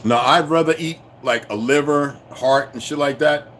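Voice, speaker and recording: A man ranting to his viewers in a profane, confrontational way, swinging between shouting and low muttering. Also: moderate pace, slight background noise. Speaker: channel host. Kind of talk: unscripted rant to viewers.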